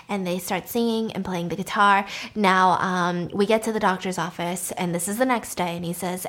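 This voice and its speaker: A woman casually recapping a story in an animated, chatty way, laughing now and then. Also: medium pitch, a little fast.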